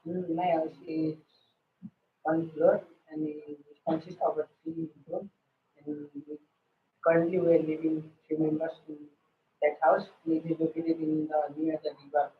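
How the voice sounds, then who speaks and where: A man's voice: fairly high pitch, little pitch movement, measured pace. A man answering mock speaking test questions as a student, hesitant and careful. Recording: tinny phone-like line, far from the mic.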